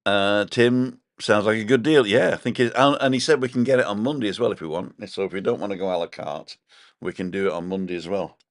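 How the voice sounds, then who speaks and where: A man's voice: lowish voice, brisk, dry recording, clean studio sound. A man co-hosting a casual live stream from his balcony, rambling chattily and reading out viewer comments. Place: home balcony.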